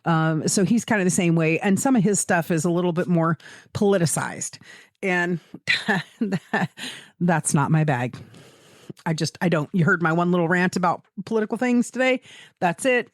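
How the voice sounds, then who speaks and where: A woman's voice: fairly low pitch, moderate pace, no echo, studio quality. A woman co-hosting a podcast in casual chat, rambling, laughing often and swearing freely. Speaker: podcast co-host.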